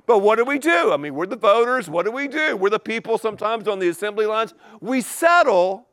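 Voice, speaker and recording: A man's voice: sits high, lively intonation, a little fast, a bit bright, dry recording, clean studio sound. A man preaching a sermon, repeating key words for emphasis and asking the congregation rhetorical questions. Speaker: pastor.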